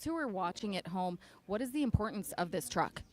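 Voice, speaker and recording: Female roving co-host, excited and chatty. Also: medium pitch, fairly quick. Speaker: telethon co-host, roving interviewer. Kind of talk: live backstage interview.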